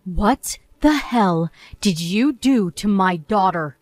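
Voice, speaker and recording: A woman's voice: mid-range voice, darkish tone, no echo, lightly acted. A woman playing an angry mother-in-law. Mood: stern. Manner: stern and slow, confronting. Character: angry protective middle-aged mother-in-law.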